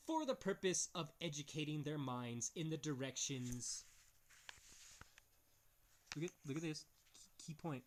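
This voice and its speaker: A man's voice: fairly high pitch, animated, takes it slowly, long pauses. A man reading book passages aloud and breaking in with crude, mocking remarks. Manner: blunt, crude, mocking, swears often; reads passages aloud then comments. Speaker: video host reading from books. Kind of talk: casual, profane commentary reading quotes aloud.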